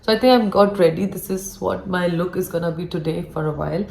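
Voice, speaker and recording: A young woman, a vlogger who used to be a flight attendant, casually tells a ghost story while doing her makeup indoors, animatedly acting out the lines of the people in it. Her voice sits on the low side with vocal fry and a slightly fast pace, on a roomy, low-quality recording.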